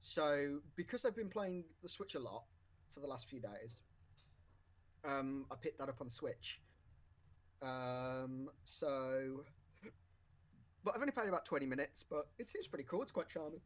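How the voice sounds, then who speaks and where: A man's voice: medium pitch, animated, measured pace, long pauses. A man co-hosting a casual podcast, rambling with lots of fillers and restarts, currently with the hiccups. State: has the hiccups. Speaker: podcast co-host.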